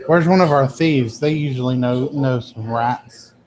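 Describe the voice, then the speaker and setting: A man's voice: mid-range voice, measured pace, a little mellow, low-quality recording. A man playing in a tabletop game, narrating his character's actions in the third person. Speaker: player.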